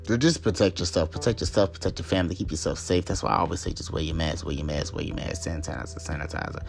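A man's voice: low voice, fast talker, creaky, faint music behind. A man hosting a solo talk show, ranting in a heated, profane and emphatic way and hammering his points home by repeating them. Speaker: podcast host. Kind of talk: solo commentary rant.

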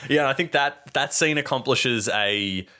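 A man's voice: medium pitch, a little slow, bright, forceful tone. A man co-hosting a casual film podcast, talking in a rambling, sweary way with many restarts. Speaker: podcast co-host, film reviewer. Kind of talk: casual chat.

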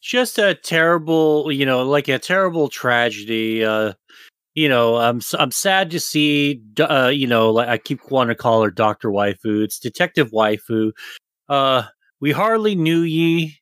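A man's voice: medium pitch, lively intonation, a little slow, a bit bright, clear, resonant tone, no echo, studio quality. A man co-hosting a podcast, talking casually, rambling and swearing a lot. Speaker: podcast co-host. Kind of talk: casual chat.

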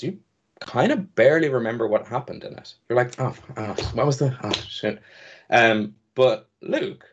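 A man narrating as game master in a casual, loose way with many fillers. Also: fairly low pitch. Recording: dull lo-fi audio.

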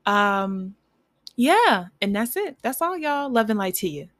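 This podcast host, a woman in her twenties, has an expressive mid-range voice and talks at a moderate pace. She chats casually and warmly to her listeners, encouraging them and using lots of fillers, in studio-quality audio with no room sound.

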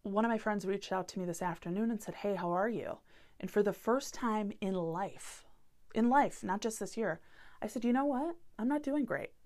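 A woman's voice: mid-range voice, moderate pace, darkish tone. A woman in her thirties hosting a solo podcast, talking earnestly and openly about hard feelings. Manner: earnest, heartfelt and openly vulnerable. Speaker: podcast host. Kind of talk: candid solo podcast talk.

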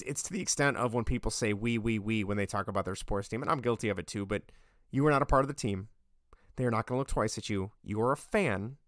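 A man hosting a sports podcast, talking casually and getting worked up into loud rants. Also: mid-range voice, no room sound, clean studio sound. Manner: ranting, gets worked up and loud. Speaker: podcast host. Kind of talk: casual sports opinion monologue.

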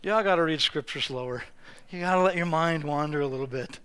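Older man, pastor, sermon, storytelling, playful voices, repeats words, bright tone, smooth clear voice. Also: fairly high pitch, moderate pace. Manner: lively storytelling with acted-out voices and humor; frequent restarts and repeated words.

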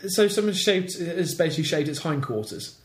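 A man's voice: on the high side, expressive, fairly quick, echoey room. A man co-hosting a comedy podcast, bantering and laughing often as he reacts to stories. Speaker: podcast co-host. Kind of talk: casual comedic chat.

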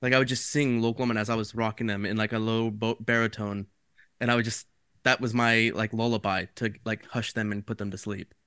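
Man, smooth resonant voice, easygoing podcast co-host. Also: on the low side, flat delivery, fairly quick, a bit bright, no room sound, studio quality. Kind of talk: casual podcast chat.

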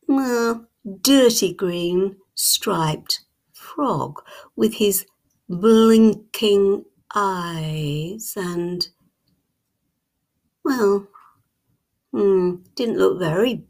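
A woman telling a storybook tale in hushed, whispered storytelling ASMR, with lingering pauses. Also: medium pitch.

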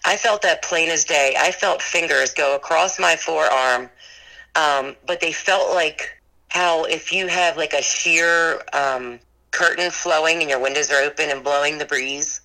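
Her voice sits low and comes across creaky, pushed and bright as she speaks in an unhurried way. She's a ghost tour business owner giving an interview, earnestly recounting paranormal experiences while rambling with plenty of "like" and "you know." The recording is low quality.

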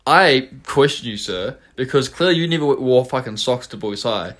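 A man's voice: mid-range voice, expressive, moderate pace, a bit bright. Joking man. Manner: stumbling restarts, crude jokes, laughs a lot. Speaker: podcast co-host. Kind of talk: casual podcast chat.

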